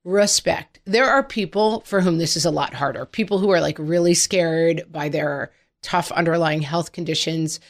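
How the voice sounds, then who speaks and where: A middle-aged woman co-hosting a podcast in casual, animated chat and storytelling. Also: sits low, normal speed. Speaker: podcast co-host.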